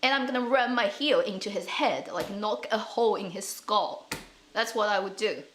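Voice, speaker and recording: A woman's voice: mid-range voice, moderate pace, a little hiss or hum. Woman ranting about shows. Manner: animated, ranting, laughing, swearing. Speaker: drama commentary host. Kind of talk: casual chat.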